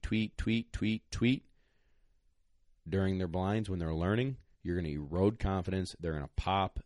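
A man's voice: deep voice, warm tone, no room sound, clean studio sound. A man answering questions on a podcast as a dog trainer, blunt and plain-spoken, a little out of breath. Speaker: retriever trainer, guest. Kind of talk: casual podcast advice.

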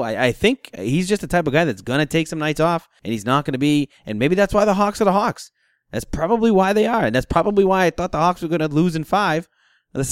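Smooth-voiced man ranting about sports. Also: fairly high pitch, no echo, clean studio sound. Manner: animated, incredulous rants. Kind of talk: casual sports talk.

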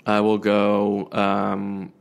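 A man's voice: on the low side, completely flat delivery, very slow, creaky, smooth. A man co-hosting a casual sports podcast over a remote call, trading joking banter. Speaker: podcast co-host.

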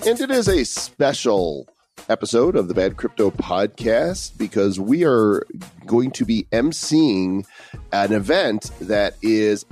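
A man's voice: lowish voice, darkish tone. A man hosting a podcast in a playful, joking way, introducing a guest. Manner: playful, jokes with a put-on French accent. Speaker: podcast host. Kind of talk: casual podcast chat.

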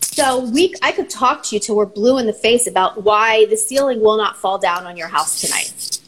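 A woman therapist, a guest on a talk show, explaining ideas in a steady teaching tone. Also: mid-range voice, normal speed, slight background noise, low-quality recording. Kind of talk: conversational explanation.

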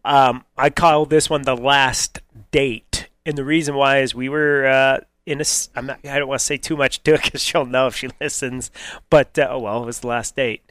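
A man co-hosting a radio show, telling a dating story in a casual, animated way and laughing often. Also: medium pitch, moderate pace, no echo.

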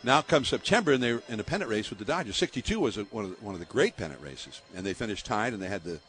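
A man's voice: on the low side, quick pace. An older male baseball broadcaster from the San Francisco Bay Area, telling stories in an interview with lots of laughter. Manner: lively anecdotes, laughing often, with many fillers. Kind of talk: storytelling in an interview.

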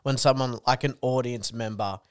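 A man's voice: mid-range voice, steady tone, moderate pace, clear, resonant tone, no room sound, studio quality. A young man, a comedian guest, chatting in a laid-back way, full of "like" and "dude". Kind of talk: casual chat.

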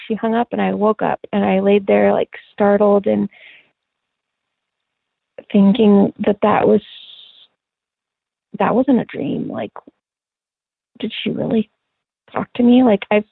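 A middle-aged woman telling a personal story in a soft, halting way, with many pauses and fillers, over a phone line. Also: medium pitch, vocal fry, breathy edge, dry recording. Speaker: interview guest. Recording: tinny phone-line call.

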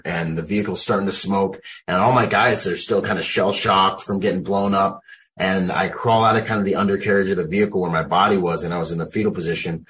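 A man's voice: sits low, fairly bright tone, a little hiss or hum, low-quality recording. A military veteran, a man, recounting his experiences in loose, casual storytelling full of "like.".

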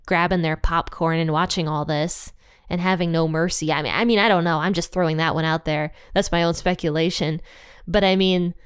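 A woman's voice: fairly low pitch, clear, resonant tone, no room sound, studio quality. A young adult woman hosting a casual Bible teaching podcast, chatty and thinking aloud with fillers and guesses.

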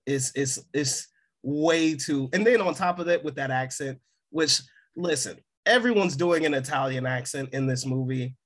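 A man's voice: mid-range voice, normal speed. Chatty man laughing between thoughts. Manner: laughs often, many "like" fillers. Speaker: podcast co-host. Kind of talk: casual film review chat.

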